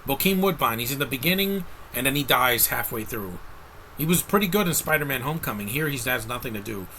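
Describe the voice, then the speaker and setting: A man's voice: mid-range voice, lively intonation, fairly quick, sharp tone, a little hiss or hum, rough recording. A man giving a casual, rambling movie review rant, blunt and exasperated, with frequent restarts.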